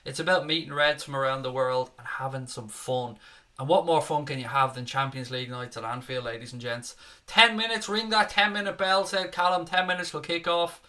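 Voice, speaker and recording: Young Dublin man, brightish raised voice, casual foul-mouthed live-stream host. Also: a little high, steady tone, brisk. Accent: Dublin Irish. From Ireland (Dublin). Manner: chatty, swears freely, jokey asides to viewers. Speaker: fan channel co-host running a live match watchalong. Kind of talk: casual live-stream chat reading viewer comments. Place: home room, at his desk. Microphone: desk setup with webcam.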